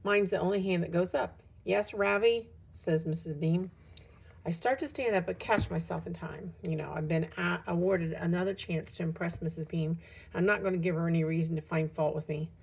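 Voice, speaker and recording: A woman teacher reading a novel aloud to her class, narrating in the first person with steady storytelling. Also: on the low side, a little fast, gravelly, breathy edge, rough recording.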